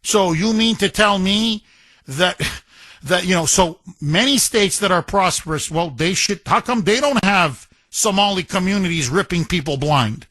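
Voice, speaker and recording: A man's voice: high voice, expressive, a little slow, sharp tone, no room sound. A middle-aged man hosting a talk radio show, ranting in a combative, sarcastic way. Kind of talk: opinionated talk radio monologue.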